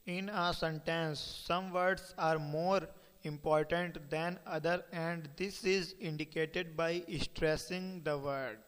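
A man teaching a lesson by slow dictation, reading points aloud and spelling words out letter by letter. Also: fairly high pitch, steady tone, fairly bright tone, clean tone, long reverb tail, rough recording.

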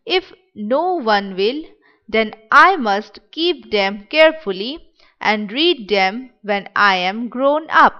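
A woman's voice: on the high side, animated, slow, bright, forceful tone, highs cut off, exaggerated voice. Woman reading as a wistful sick little boy. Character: sick young village boy, wistful and eager. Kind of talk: dramatic reading of a play.

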